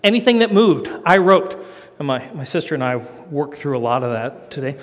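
A man's voice: a little high, normal speed. Folksy man telling a story in a reverberant hall. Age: middle-aged. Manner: folksy, self-mocking, animated storyteller. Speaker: speaker doing rope tricks for a church audience. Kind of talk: storytelling sermon.

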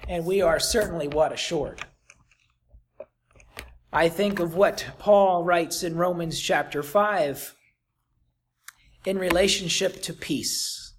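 A pastor preaching a sermon, reading scripture aloud and swinging dramatically from soft to loud with rhetorical questions. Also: medium pitch, slow pace, long pauses, slight background noise. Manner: reads scripture in King James wording.

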